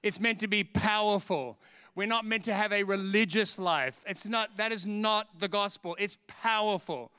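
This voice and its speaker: A middle-aged man from Australia preaching a sermon, telling a personal story in an animated way and laughing at himself. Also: high voice, normal speed, clean tone, no room sound, clean studio sound. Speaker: pastor.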